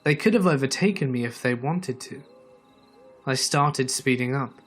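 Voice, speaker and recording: A man reads true horror stories aloud in a measured, dramatic way, his pitch sitting in the middle of the usual range for men. Soft music plays faintly behind his voice. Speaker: horror story narrator.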